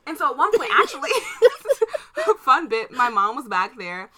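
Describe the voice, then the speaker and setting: A woman's voice: sits high, very animated, measured pace, crowd noise. A young woman from Maryland, co-hosting a casual chat and animatedly telling a story, laughing and acting out the voices. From Maryland, USA. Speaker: podcast co-host.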